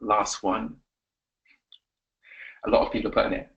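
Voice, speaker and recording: A man coaching on a live webinar, energetic and repetitive, giving pep talks. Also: normal speed, highs cut off. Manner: energetic, pep-talking, repeats himself. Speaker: confidence coach.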